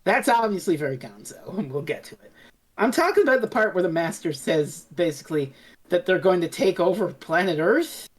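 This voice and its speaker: A woman co-hosting a casual review podcast, retelling scenes and acting out lines in quick voices. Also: fairly low pitch, lively intonation, slightly rough. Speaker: podcast co-host.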